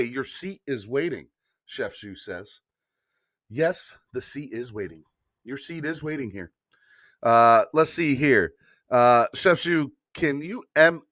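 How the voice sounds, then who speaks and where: A man's voice: medium pitch, bright, forceful tone, no room sound, clean studio sound. A man hosting a live-streamed sports morning show, hyped and repeating calls to like and subscribe. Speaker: sports podcast host.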